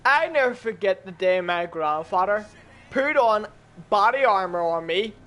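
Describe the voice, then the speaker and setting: A man telling a story in a casual, profane, animated way while gaming with friends. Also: high voice, measured pace.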